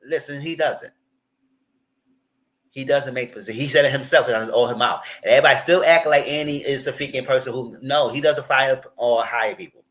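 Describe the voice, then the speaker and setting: A man hosts a live recap of a reality show, mid-pitched and outspoken. He talks in a loose, slangy, animated way, quick to call people out. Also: poor audio. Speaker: reality TV commentator.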